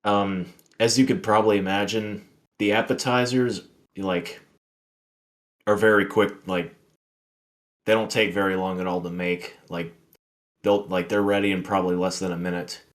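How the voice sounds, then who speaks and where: A man's voice: low voice, flat delivery, moderate pace, long pauses. A man hosting a podcast, telling a work story in a rambling, filler-heavy, profane way. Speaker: podcast host. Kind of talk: casual storytelling chat.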